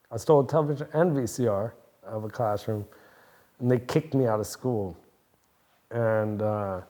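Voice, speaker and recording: A man's voice: mid-range voice, a little mellow. Man, 40s, from New Jersey. Interview guest: loose, rambling, swears a lot, laughs easily. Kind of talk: casual chat.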